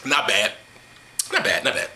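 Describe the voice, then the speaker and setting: A man's voice: mid-range voice, wildly swooping pitch, normal speed, sharp tone, a little hiss or hum. A man reading Bible passages aloud and mocking them with profane, sarcastic rants. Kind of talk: sarcastic comedic Bible commentary.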